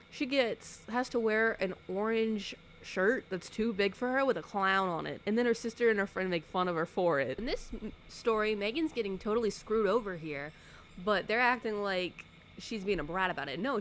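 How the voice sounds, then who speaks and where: A woman's voice: mid-range voice, normal speed, a little hiss or hum. Sarcastic woman recapping a movie. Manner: sarcastic, animated, acts out characters' lines. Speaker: YouTuber. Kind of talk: casual movie recap commentary.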